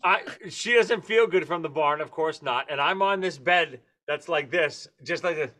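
A man's voice: a little high, moderate pace. A man hosting a casual chat, telling old stories with laughter. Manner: animated, laughing storyteller. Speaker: podcast host.

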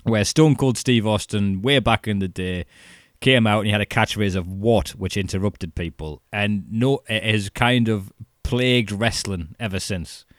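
A man's voice: fairly low pitch, normal speed, no room sound, clean studio sound. A man chatting animatedly about wrestling, laughing and swearing as he talks. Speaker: wrestling fan co-host. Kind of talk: casual chat.

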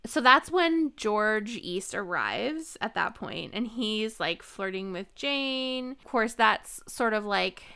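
A woman co-hosting a podcast in a loose, chatty film discussion. Her voice is bright and sits at a middle pitch, and she leans heavily on fillers and quick asides. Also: animated, gravelly, clear, resonant tone. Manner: chatty, filler-heavy, jokey. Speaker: podcast co-host.

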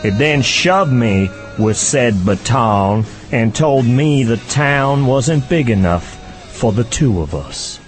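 A man's voice: medium pitch, animated, slow pace, soft background music. A man voicing a grumbling small-town male sheriff in a satirical sketch. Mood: aggrieved. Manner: aggrieved storytelling.

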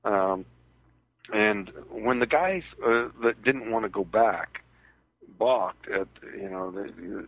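A man with a fairly low voice, speaking haltingly and hesitantly, recounts a personal ordeal as a guest on a radio interview. He comes through a tinny phone line, and the recording is dry.

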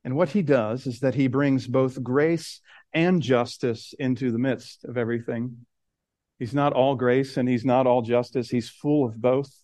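A man preaching a sermon, earnest, slowing and dropping soft on key words, then rising as he builds. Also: steady tone, dry recording. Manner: earnest, rises in pitch and intensity as he builds. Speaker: pastor.

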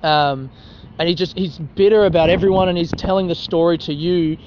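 On a city street at night, a young man rambles through a solo podcast into the phone in his hand, voice a little high, tone steady, pace a little fast. He swears, mocks himself and laughs at his own jokes, while faint traffic and passers-by fill the dull phone recording.

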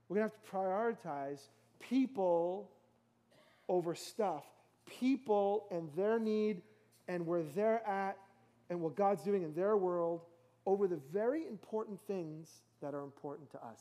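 A man's voice: high voice, mellow. A male pastor preaching a sermon in church, conversational and emphatic with many rhetorical questions.

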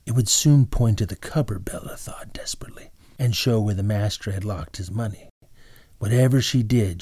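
A man's voice: on the low side, warm tone, husky, no room sound, studio quality. A man narrating a storybook dramatically, dropping into whispers at tense moments.

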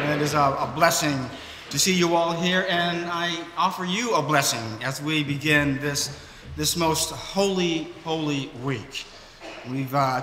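Slow-preaching man in an echoey church. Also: fairly high pitch, bright, forceful tone, slight background noise. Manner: slow, measured preaching with occasional restarts. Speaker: priest. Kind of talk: sermon. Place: large church.

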